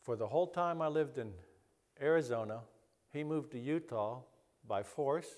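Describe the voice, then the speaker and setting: A man's voice: medium pitch, normal speed. A middle-aged man, a pastor, telling a personal story in a rambling way with many restarts and acting out the voices of the people in it. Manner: animated, acts out other people's voices. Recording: long hall reverb.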